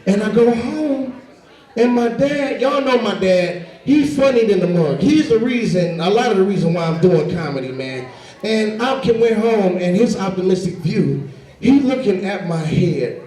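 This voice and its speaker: A young man works a stand-up set with lively, animated storytelling and a high voice. The sound is roomy, with the mic set back from him. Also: moderate pace, recorded from a distance. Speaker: stand-up comedian. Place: comedy stage before a laughing audience. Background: audience laughter.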